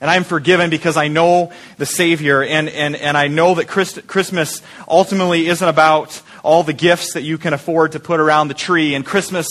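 A man's voice: on the high side, fairly even intonation, fairly bright tone. A man preaching a conversational sermon as pastor, often repeating words and asking the congregation questions. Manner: halting with frequent repeated words.

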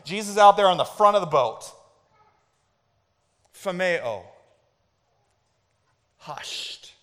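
A man preaching a sermon as pastor, moving between hushed and loud, excited storytelling, and asking the congregation to repeat words. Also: high voice, fast. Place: church sanctuary. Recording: long hall reverb.

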